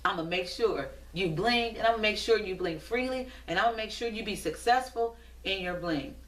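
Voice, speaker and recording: A woman with a mid-range, slightly bright voice speaks at normal speed, hosting a motivational show full of preachy, rhythmic encouragement that repeats itself. The recording carries room echo and places her far from the mic.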